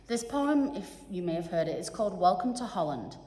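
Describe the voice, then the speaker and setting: Woman, middle-aged, slightly low voice, earnest, pausing, congregation reflection, roomy chapel echo. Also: sing-song, dark tone. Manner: earnest, pausing, searching for words. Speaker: guest speaker giving a reflection. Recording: echoey chapel with long reverb.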